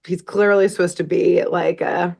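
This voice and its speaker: A woman's voice: on the low side, flat delivery, moderate pace, creaky, darkish tone. A woman co-hosting a podcast, casually recapping a cartoon episode as a rambling, joking storyteller. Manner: chatty, rambling storyteller with laughs and asides. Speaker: podcast co-host.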